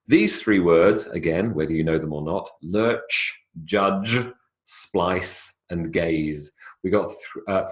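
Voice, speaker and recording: In a classroom lecture on English pronunciation, a man stretches model words out slowly and uses lively pitch jumps to emphasize the examples. He is not from South America.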